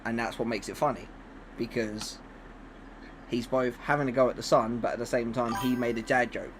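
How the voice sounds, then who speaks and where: A man's voice: medium pitch, steady tone, moderate pace, background noise. A man streaming live, chatting casually and rambling with many restarts and fillers. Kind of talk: casual chat on a livestream.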